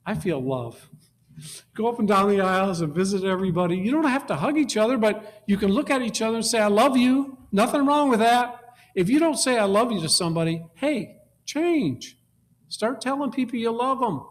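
A man preaching a sermon, emphatic, repeating key words and swinging from quiet low passages to loud exhortation. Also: animated, moderate pace.

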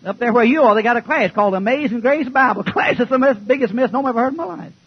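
Brief: male preacher, high and husky, folksy, joking, sometimes shouting, old lo-fi church tape. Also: racing. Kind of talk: fiery sermon. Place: church before a congregation.

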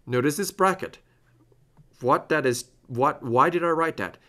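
A man's voice: a little high, measured pace, bright, forceful tone. A man teaching clarinet in a masterclass, explaining phrasing step by step and singing passages on scat syllables. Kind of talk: recorded masterclass instruction.

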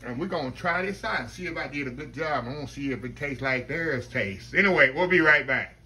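A man hosting a casual home cooking video, folksy and chatty, talking to viewers as "y'all" and dropping to a low murmur while he tastes. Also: lively intonation, fairly quick, bright, forceful tone. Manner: folksy, keeps saying "y'all". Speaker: cooking channel host.

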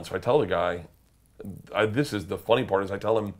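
A man, a comedian guest, telling animated profane stories and acting out the other people's voices. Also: on the low side, fast. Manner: lively, profane, acts out voices. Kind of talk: animated storytelling.

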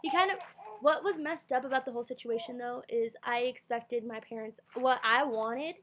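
A woman's voice: a little high, normal speed, background noise. A young woman chatting casually at home, recording on her computer's built-in mic. She tells a personal story in a rambling way, full of "like" and restarts. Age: young adult. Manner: rambling, heavy use of "like", restarts. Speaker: vlogger telling her story.

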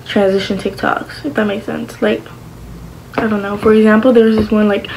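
A woman's voice: medium pitch, little pitch movement, normal speed, a little mellow, a little hiss or hum, rough recording. A woman vlogging in a casual chat to the camera, rambling along with lots of fillers and restarts.

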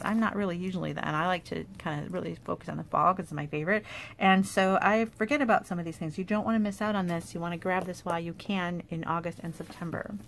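A woman casually showing off paper craft products in a chatty, enthusiastic way, with fillers and quick asides. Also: fairly low pitch, slight background noise. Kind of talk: casual product show-and-tell.

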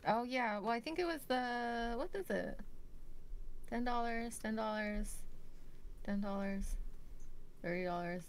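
A woman's voice: a little high, a little slow, pauses often, slight background noise. A young woman streaming a game with a friend, chatting casually and laughing often. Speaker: VTuber streamer.

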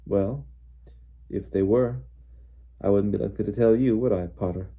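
A man's voice: on the low side, moderate pace, narrow, tinny audio. A man reading as a drawling sneering teen bully. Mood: mocking. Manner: lazy, mocking drawl.

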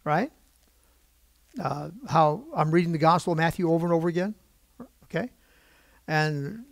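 A man's voice: fairly high pitch, normal speed, vocal fry, long pauses, no echo. A man preaching a sermon from a church pulpit, talking conversationally with his congregation, asking them questions and getting emotionally worked up. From United States. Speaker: pastor.

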